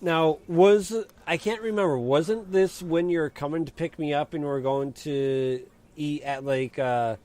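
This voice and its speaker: A man's voice: fairly high pitch, fairly even intonation, a little slow, darkish tone. A man co-hosting a podcast, chatting casually and bluntly, with some swearing. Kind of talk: casual chat.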